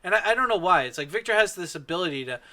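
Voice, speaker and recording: A man with a bright, forceful voice speaks as a guest in a relaxed podcast chat. He tells his stories in an animated, profane way. His voice sits a little higher than most men's. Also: rapid-fire.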